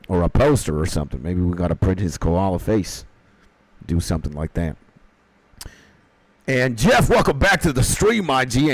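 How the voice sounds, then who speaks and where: A young man with a deep voice streams a game, chatting casually with viewers, greeting them by name, swearing freely, and reading quest dialogue aloud. The recording is dry and the audio quality poor.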